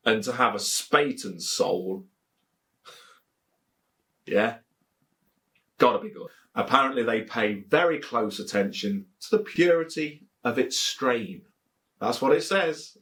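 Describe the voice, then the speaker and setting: A medium-pitched English man with a Leicestershire accent chats informally to camera while reviewing beer. His talk wanders, stays lighthearted, and circles back to repeated phrases.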